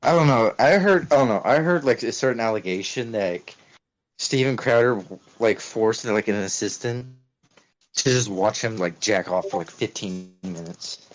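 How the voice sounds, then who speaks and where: A man's voice: fairly low pitch, moderate pace, rough recording. A man joking around in a casual livestream chat, teasing his friends and trying to stir up a fight.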